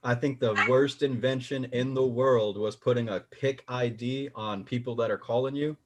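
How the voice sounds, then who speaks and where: A man's voice: medium pitch, steady tone, moderate pace. A man co-hosting a casual chat who jokes, acts out little scenarios and reads questions with many fillers. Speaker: co-host.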